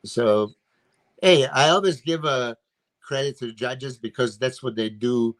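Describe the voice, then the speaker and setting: A man's voice: medium pitch, measured pace. A man with an emphatic, filler-heavy way of talking, giving his views as a guest coach in a casual podcast chat over a video call. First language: Serbian. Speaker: bodybuilding coach and guest analyst.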